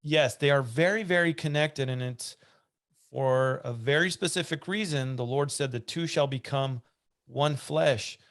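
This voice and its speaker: A man's voice: mid-range voice, measured pace, fairly bright tone. Chatty male podcast host. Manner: conversational, reads aloud with asides and restarts. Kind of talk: casual podcast chat reading listener questions.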